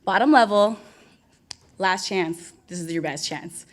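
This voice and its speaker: With a fairly low pitch and a measured pace, a young woman hosts a live award ceremony at an event venue. She's bubbly, playful and hyped, speaking directly to the audience as she works the room.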